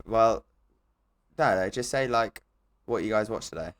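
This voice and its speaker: A man co-hosting a comedy podcast, rambling and hedging as his voice trails off quieter. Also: lowish voice, unhurried, soft background music. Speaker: podcast co-host. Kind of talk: casual comedic chat.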